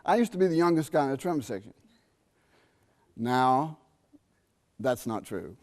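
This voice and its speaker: On a university theatre stage, a middle-aged man gives a conversational jazz trumpet masterclass, quizzing listeners and singing out rhythms. His mid-range voice is expressive and a little mellow, at a moderate pace.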